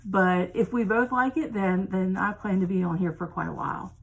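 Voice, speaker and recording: A woman's voice: lowish voice, fairly even intonation, normal speed, vocal fry, slightly rough, poor audio. A woman in her fifties, from Maryland with an accent picked up from South Carolina, chatting casually as a cross-stitch vlogger, rambling with frequent ums. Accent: mixed Maryland and South Carolina. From Maryland, USA. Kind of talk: casual chat to camera.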